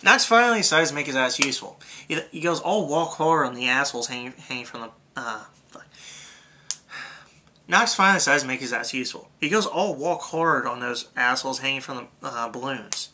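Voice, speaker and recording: A man's voice: mid-range voice, lively intonation, brisk, pushed and bright, slight background noise. A young man reading a comedic movie review script aloud, swearing freely and restarting lines when he stumbles. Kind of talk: amateur comedic review narration.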